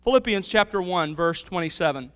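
High-voiced, smooth-toned male preacher. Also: brisk. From Mobile, Alabama area. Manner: storytelling with a lively, varying delivery. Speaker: pastor. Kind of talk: sermon.

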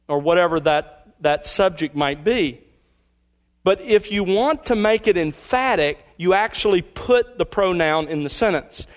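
A man with a high voice delivers a sermon like a teacher. He explains patiently and stretches out the words he wants to stress. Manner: emphatic, teacherly, slows down on key phrases. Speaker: pastor.

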